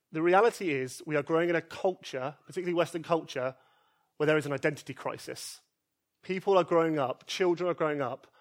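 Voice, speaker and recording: Male pastor, high voice, earnest sermon delivery, builds to loud pleas then drops soft. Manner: earnest and emphatic, repeats key phrases, swings between loud pleas and soft quiet lines. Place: church service.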